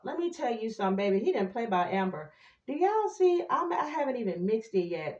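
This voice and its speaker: Very animated and brisk, a woman with a mid-range, darkish voice reads tarot casually for her viewers, chatting with plenty of sass and slipping into bits of song. The audio is reverberant with the highs cut off.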